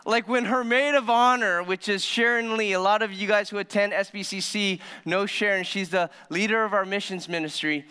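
A man preaching a sermon as pastor, telling a story with animated delivery that moves between hushed and excited. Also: sits high, moderate pace, few pauses, clear, resonant tone. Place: church sanctuary. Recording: long hall reverb of a church sanctuary.

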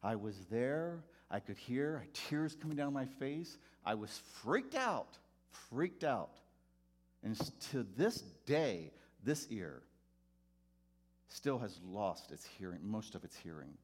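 A middle-aged man, a preacher, telling his own story to an audience, swinging from hushed to loud. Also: medium pitch, very animated, takes it slowly.

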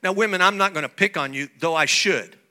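A male pastor preaching a sermon, swinging from soft playful asides to shouted declarations. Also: sits high, brisk.

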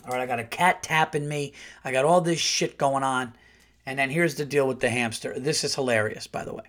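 A man hosting his podcast, telling a comic story in an animated, profane, rambling way full of restarts. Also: mid-range voice, brisk. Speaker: podcast host, comedian.

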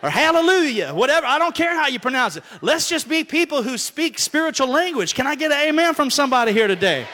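A pastor from Alabama preaching a sermon, calling out to the congregation and swinging between shouting and quiet asides. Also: male voice, very high-pitched, animated, fast, hardly any pauses. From Alabama, USA. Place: large church hall. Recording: long hall reverb.

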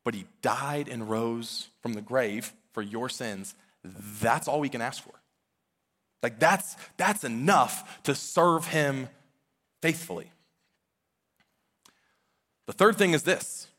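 Preaching slowly with long pauses, a man in his thirties delivers a sermon in a mid-range, slightly bright voice. The pastor's tone is earnest and chatty, sprinkled with casual filler words.

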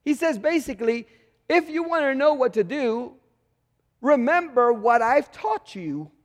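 Man, pastor, sermon, very high voice, rhetorical questions, long hall reverb. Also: very animated, unhurried. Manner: conversational, rhetorical questions, acts out quoted voices.

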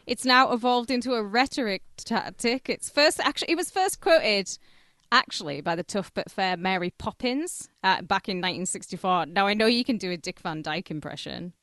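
A woman from Carlisle with a Cumbrian accent co-hosts a comedy podcast, teasing and giggling and quick to laugh in casual comic chat. Her mid-range voice is animated and a little bright. The recording is clean studio sound with no echo.

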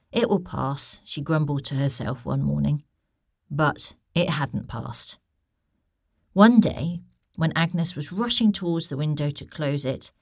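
Expressive low-voiced woman storyteller. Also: no room sound, studio quality. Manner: lively, expressive, asks the listener questions. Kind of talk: children's story reading.

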